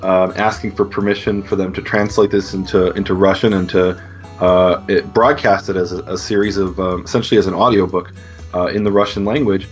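Man, earnest explainer, lowish voice, faint music underneath. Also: fairly even intonation, fairly quick. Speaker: guest teacher. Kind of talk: casual podcast chat.

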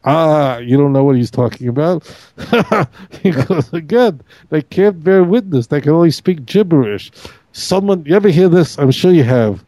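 A man's voice: on the high side, lively intonation, moderate pace, warm tone, no room sound, rough recording. A man, a rabbi and co-host, teaching scripture with emphatic, argumentative energy, often quoting others. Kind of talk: animated Torah study discussion. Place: radio studio.

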